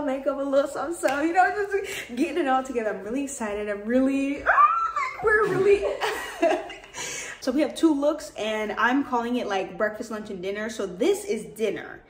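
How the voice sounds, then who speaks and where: Young woman vlogging, hyped and slangy, laughing a lot, kinda high voice, echoey room. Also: quick pace, few pauses, slight background noise. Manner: excitable, slangy, laughs often. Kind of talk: casual vlog chat. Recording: roomy indoor echo.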